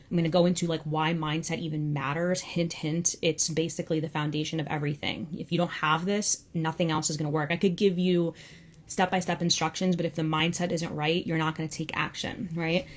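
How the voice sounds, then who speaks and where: Young woman coach doing a live q&a, kinda low voice, chatty and casual, lots of "like". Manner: casual, conversational, peppered with "like". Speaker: freelance copywriting coach. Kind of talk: live Q&A session.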